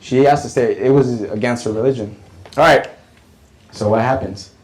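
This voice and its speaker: A man doing stand-up on a comedy club stage, his story rambling along with many fillers and restarts. His voice sits at an ordinary middle pitch and keeps up a lively delivery. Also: normal speed, rough recording.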